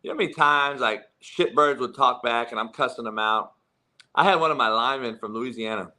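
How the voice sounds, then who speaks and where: Middle-aged male sports-talk host, bright edge, blunt and foul-mouthed, laughs often. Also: mid-range voice, fairly quick. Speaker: football coach and podcast host. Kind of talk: profane casual sports talk.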